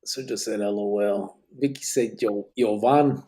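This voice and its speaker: A man's voice: fairly low pitch, fairly even intonation, a little slow, warm tone, slightly rough. A man hosting a casual live podcast, reading chat comments aloud in a laid-back way, swearing freely and dropping Spanish words.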